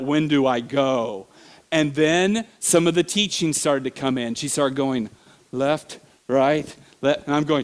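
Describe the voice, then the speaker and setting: A middle-aged man preaching in a church, telling stories with animated bursts, sudden shouts and laughter. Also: mid-range voice. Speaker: pastor. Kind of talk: sermon.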